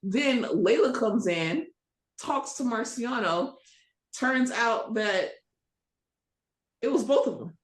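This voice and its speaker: Animated woman host in an echoey room. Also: on the high side, takes it slowly, pauses often. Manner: animated, blunt, wraps up and prompts others. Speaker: podcast host. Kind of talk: casual pop-culture recap chat.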